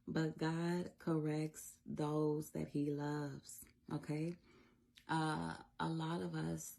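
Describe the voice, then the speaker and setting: A woman's voice: low voice, vocal fry, a little mellow. A woman, a mother, talking casually and earnestly about faith, reassuring her listeners and laughing often. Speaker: faith content creator. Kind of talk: casual devotional encouragement.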